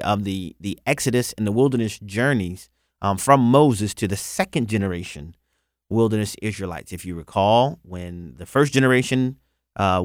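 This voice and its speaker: A man's voice: on the low side, dry recording, clean studio sound. A man hosting a religious radio program, preaching earnestly and repeating phrases for emphasis.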